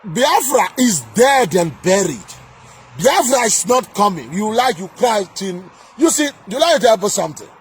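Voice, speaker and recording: A man delivering an angry political rant, shouting, scolding and repeating himself. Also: high-pitched, big pitch swings, moderate pace, a little hiss or hum. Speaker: political commentator.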